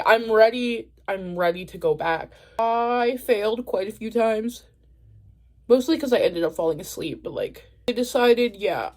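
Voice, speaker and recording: A young woman telling a story to camera in a casual, profane, laughing way. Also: fairly high pitch. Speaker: vlogger.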